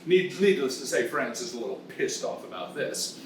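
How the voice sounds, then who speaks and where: A man's voice: mid-range voice, sing-song, normal speed, recorded from a distance, a little hiss or hum. Man, comic lesson host, bawdy and teasing, echoey room, a little off the mic.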